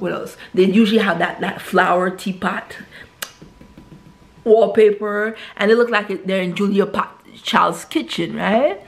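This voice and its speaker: A vlogger rambles casually to her viewers, tacking "right?" onto nearly every sentence. When she quotes characters, she acts them out in a higher voice.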